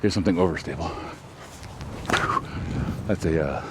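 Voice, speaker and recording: A man's voice: sits low, moderate pace, very noisy. A man hosting a casual vlog outdoors, chatty and self-deprecating as he rambles about his throws. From Texas, US. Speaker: host. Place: outdoors on a disc golf course.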